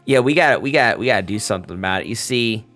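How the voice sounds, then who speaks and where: A man's voice: lowish voice, animated, fast, a bit bright, faint music behind. A man voicing a smug, menacing male vampire prince who drawls folksy, mock-friendly threats. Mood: scolding.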